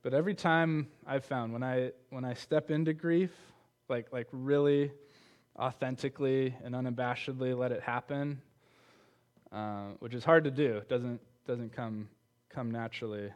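A preacher on a church teaching team gives a conversational sermon, often repeating words and asking his listeners questions. His voice is medium-pitched, with fairly even intonation and a moderate pace.

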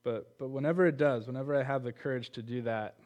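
Speaking fast in a mid-range, darkish voice with fairly even intonation, a man from a church teaching team preaches conversationally. He repeats words often and poses questions to the audience.

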